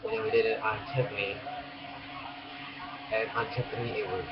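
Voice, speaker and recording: A man's voice: fairly low pitch, little pitch movement, moderate pace. A young man, a beauty school student, telling a rambling story in a casual vlog, laughing often and restarting sentences. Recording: muffled lo-fi audio with background noise.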